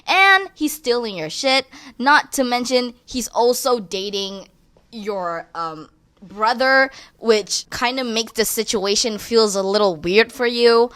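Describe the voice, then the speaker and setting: A woman's voice: on the high side, a bit bright, no echo. A young woman reading online posts aloud and breaking in with blunt, crude, sassy commentary. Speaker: commentary creator.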